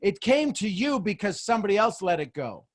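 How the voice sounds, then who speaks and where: A man, hosting a group video call as a mentor, animated and goofy, often repeating words as he talks. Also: high voice, brisk.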